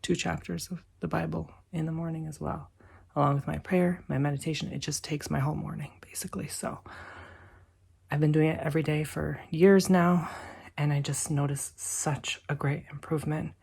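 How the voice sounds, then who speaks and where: A man chatting casually to camera as a vlogger in his garage, full of fillers, dropping to soft whispers and rising to loud excitement. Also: on the high side, brisk, gravelly, slightly rough. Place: home garage by a car.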